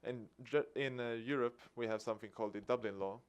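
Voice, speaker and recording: A man's voice: mid-range voice, fast, smooth. Swedish man telling a story. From Sweden. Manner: lively storyteller acting out dialogue with a chuckle. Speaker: activist speaker. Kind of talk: public talk.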